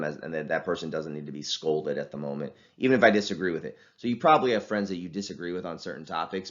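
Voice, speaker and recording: A man's voice: low voice, lo-fi sound. A man lecturing a class in a casual, conversational way, with many fillers and restarts.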